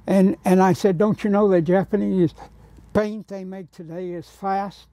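An American painter tells anecdotes, acting out other people's lines and occasionally dropping to a whisper. His voice sits high and is warm and steady, at a measured pace, with no room sound.

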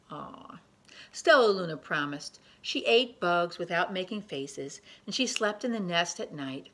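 A woman reading a picture book aloud to children, gently pausing to point out the pictures. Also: on the low side, expressive.

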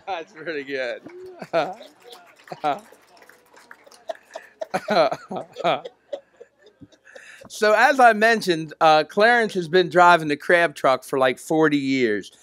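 A man hosting a story swap, relaxed and prompting his guests to share. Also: a little high, extremely slow, long pauses, no room sound. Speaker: host.

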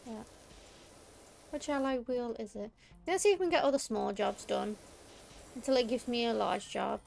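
A woman's voice: high voice, vocal fry. A young woman, chatting casually on a gaming stream, rambling with lots of fillers and restarts. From Liverpool area, England. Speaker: VTuber streamer.

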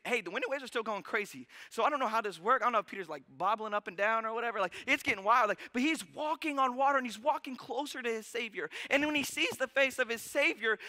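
A man's voice: very high voice, pushed and bright. A male pastor preaching in a church, casual and joking, with lots of conversational asides. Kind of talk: sermon. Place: church sanctuary. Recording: long church hall reverb.

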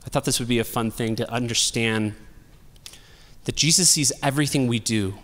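A man's voice: mid-range voice, normal speed, fairly bright tone, in a large hall. A male pastor giving a sermon in a casual, humorous, storytelling way. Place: church sanctuary.

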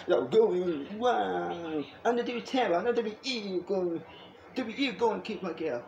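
A man rambling excitedly in a home video monologue, repeating himself and jumping between topics. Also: sits high, slow, vocal fry, a little hiss or hum. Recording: echoey room.

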